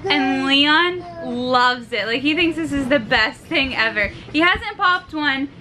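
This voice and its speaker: A young mother with a very high voice giggles and coos affectionately at her baby while she films around her home. She talks slowly and unhurriedly, and there is clear background noise on the handheld home-video recording. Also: expressive. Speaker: mother filming her family. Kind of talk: casual home vlog. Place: family home kitchen and living room.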